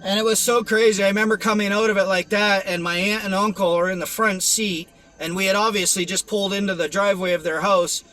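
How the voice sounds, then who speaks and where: A man's voice: high-pitched, flat delivery, fast talker, few pauses, bright, forceful tone, faint music behind, rough recording. A young man giving a rambling, earnest personal testimony, with many restarts and fillers. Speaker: testimony vlogger.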